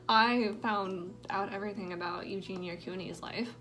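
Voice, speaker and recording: A woman's voice: mid-range voice, a little slow, a bit bright, soft background music. A young woman chatting in a rambling, filler-heavy way while doing her makeup at home, sometimes dropping into a whisper. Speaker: vlogger. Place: indoors at home.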